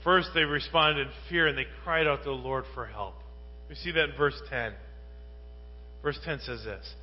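A male pastor preaching a sermon, moving from quiet Bible reading to loud, rising rhetorical questions. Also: mid-range voice, moderate pace. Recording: muffled, with long reverb and mains hum.

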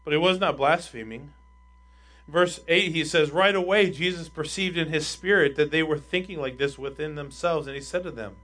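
A man preaching a sermon as pastor, emphatic and asking his congregation rhetorical questions, with his voice swinging between loud and quiet. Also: fairly high pitch, normal speed.

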